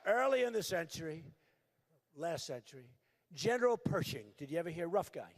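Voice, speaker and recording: An older man giving a campaign rally speech at a podium microphone, repetitive and emphatic, shouting at times. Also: on the high side, sing-song, moderate pace, creaky. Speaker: political candidate. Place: large rally venue.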